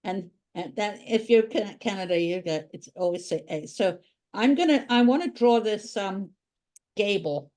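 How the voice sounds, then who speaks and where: Woman, art teacher, drawing tutorial, chatty, thinks aloud while drawing, mid-pitched voice. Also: expressive, a little slow, a little mellow.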